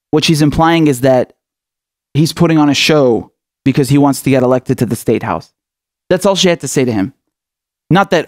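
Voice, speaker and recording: A man's voice: medium pitch, a little fast, darkish tone. A man hosting a political commentary show, delivering an impassioned, outraged rant full of swearing.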